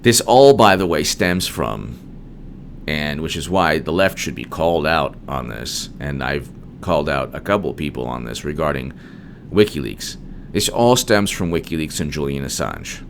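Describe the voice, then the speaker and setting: Man, low voice, lively emphatic commentary, digressive, faint background hiss. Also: normal speed, vocal fry. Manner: emphatic, digressive, many restarts. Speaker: political commentary host. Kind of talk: solo political commentary monologue.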